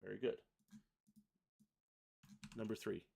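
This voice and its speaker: A man hosting a livestream software tutorial in a relaxed, chatty way, reading lyrics aloud as he types and clicks. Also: fairly low pitch, slow, gravelly, husky. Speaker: host, software product designer. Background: keyboard typing and mouse clicks.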